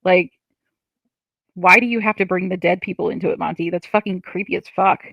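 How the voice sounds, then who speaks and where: Gravelly-voiced woman ranting on a livestream. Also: on the low side, steady tone, brisk, no room sound, highs cut off. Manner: frustrated, ranting, swears often. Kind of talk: livestream chat, reading comments.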